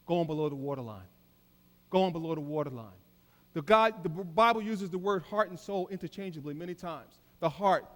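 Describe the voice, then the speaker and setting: A middle-aged man preaching a keynote sermon, emphatic, swinging between loud declarations and soft asides. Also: high-pitched. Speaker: keynote speaker. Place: large hall. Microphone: handheld mic. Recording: live in a reverberant hall.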